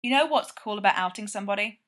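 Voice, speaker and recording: A dry, deadpan young man with a sardonic edge, delivered flatly, as a woman reads him aloud in a story. His voice sits at an ordinary middle pitch. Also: quick pace, natural voice.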